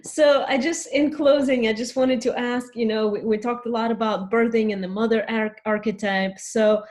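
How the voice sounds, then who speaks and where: A woman's voice: a little high, steady tone, moderate pace, darkish tone. A woman hosting an interview who gushes with praise and stumbles over her words. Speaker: host.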